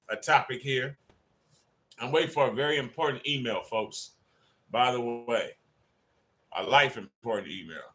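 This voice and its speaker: A man's voice: medium pitch, bright, forceful tone. A man hosting a casual fan livestream, chatting and greeting viewers by name as they join. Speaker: livestream host.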